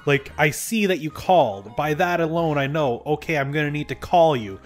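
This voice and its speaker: A man's voice: a little high, normal speed, soft background music. A man co-hosting a let's play, chatting casually in a laid-back, rambling way. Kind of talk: casual gameplay chat.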